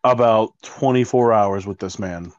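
A man's voice: fairly low pitch, a little slow, no room sound. Man, casual chat, rambling, exasperated, swearing, slightly muffled recording. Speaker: co-host telling a work story. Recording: dry, slightly dull recording.

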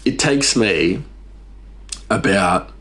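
Low-voiced man ranting on a podcast. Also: expressive, drawn-out words, a bit bright. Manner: rambling, exasperated, jumps up in pitch for emphasis. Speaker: podcast host. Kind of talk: casual ranting monologue. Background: faint music.

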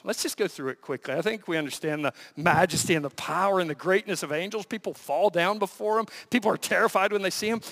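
A man preaching a sermon as pastor, full of rhetorical questions and swinging between loud emphasis and hushed lines. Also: high-pitched, in a large hall.

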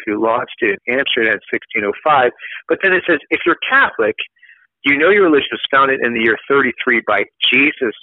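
A man's voice: mid-range voice, no echo. A male priest explaining church teaching in a loose, conversational way, with many fillers and restarts. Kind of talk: casual catechism teaching. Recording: phone-like lo-fi sound.

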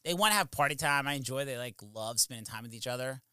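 A man in his thirties, a podcast co-host, chatting casually and telling animated stories with swearing and mimicry. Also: medium pitch, fast, smooth, no echo, studio quality. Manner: animated storyteller, swears, mimics family in shouted bursts. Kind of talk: casual chat.

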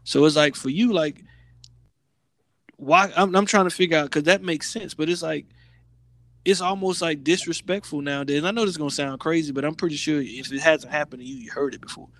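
A man co-hosting a podcast, talking in a slangy, animated way with lots of restarts. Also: on the high side, brisk. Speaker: podcast co-host. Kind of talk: casual chat.

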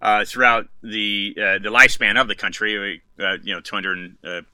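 A man interviewing a guest, halting, with many fillers and restarts. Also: lowish voice, level tone, pushed and bright, clean tone, no room sound, rough recording. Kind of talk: casual interview.

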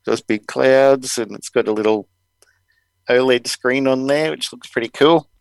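A man's voice: mid-range voice, a little slow, gravelly, no room sound, poor audio. A man hosting a podcast, chatting casually and rambling with many fillers. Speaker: podcast host. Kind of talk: casual chat.

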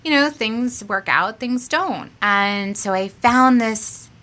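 A woman's voice: on the high side, slow, sharp tone. A woman who runs an aerial yoga studio, chatting upbeat as a podcast guest and laughing often. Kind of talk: casual podcast interview.

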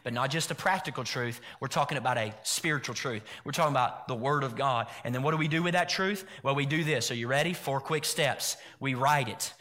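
Male pastor preaching in church; repetitive call-and-response delivery, bright, pushing tone. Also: mid-range voice, brisk, hardly any pauses. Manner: call-and-response preaching, repeats phrases for the congregation. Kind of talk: sermon.

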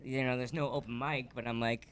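A young adult man, a stand-up comedian, telling a story in casual chat with lots of fillers and quick laughs. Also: medium pitch, steady tone, fairly bright tone, clean tone.

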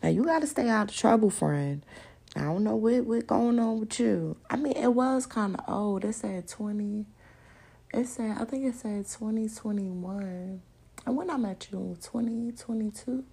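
Female podcast host, gravelly rasp, blunt and profane, animated straight-to-listener rant. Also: mid-range voice, normal speed. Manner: animated, laughs often. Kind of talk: casual chat, open discussion monologue.

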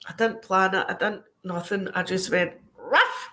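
A woman with a Scottish accent, a guest telling stories in a relaxed, chatty way. She tells them animatedly and acts out the other people's lines. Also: medium pitch, normal speed, slight background noise. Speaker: guest, crime scene cleaner. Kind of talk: casual anecdote telling.

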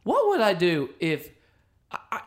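A man's voice: sits high, measured pace. A man in his thirties co-hosting a casual faith talk show, telling stories and acting out quotes with energy. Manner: animated storyteller, acts out quotes. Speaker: podcast co-host. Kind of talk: casual chat.

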